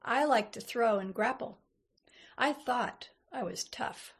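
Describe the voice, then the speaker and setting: A woman reading a first-person story aloud in a measured, unhurried way. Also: fairly high pitch, gravelly, breathy edge. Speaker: reader. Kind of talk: storybook narration.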